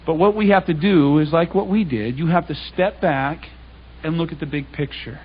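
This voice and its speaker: This man's husky voice sits on the high side and moves at a normal speed. He gives a public Bible talk in the form of an anecdotal sermon, telling stories conversationally and voicing the other people in them, all captured on a dull lo-fi recording.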